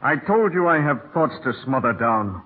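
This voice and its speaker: A husky, brash young stable hand on old radio. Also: male voice, mid-range voice, big pitch swings, normal speed. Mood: ardent. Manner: bold and pleading. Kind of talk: 1930s radio drama acting. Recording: thin, phone-like old radio broadcast.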